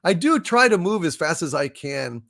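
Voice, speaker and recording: Effusive, halting male livestream host. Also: a little high, big pitch swings, vocal fry, pushed and bright. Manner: effusive, apologetic, halting with many fillers. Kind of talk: casual live chat, reading super chats.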